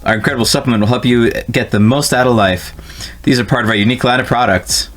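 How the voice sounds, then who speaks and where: A man's voice: medium pitch, fast, fairly bright tone, natural voice. A man voicing a smug, shady middle-aged businessman as he reads game dialogue aloud. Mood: salesy.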